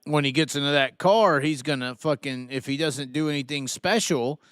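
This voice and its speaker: A man's voice: fairly high pitch, normal speed, fairly bright tone, smooth, no room sound, studio quality. A man hosting a live-stream talk, speaking bluntly, swearing freely and stammering on restarts. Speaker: podcast host. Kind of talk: casual live-stream talk about racing.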